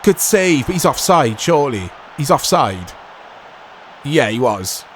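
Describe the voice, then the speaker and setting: A man commentating his own football video game play, excitable and self-mocking, shouting at big moments. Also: mid-range voice, measured pace, a little hiss or hum. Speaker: gaming YouTuber. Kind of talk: gameplay commentary.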